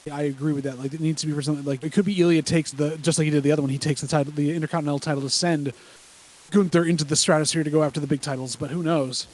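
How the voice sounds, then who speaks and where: A man's voice: on the high side, fairly even intonation, very fast, a little mellow. A man co-hosting a podcast, chatting casually and enthusiastically, rambling about what he likes. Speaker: podcast co-host. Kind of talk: casual chat reacting to wrestling.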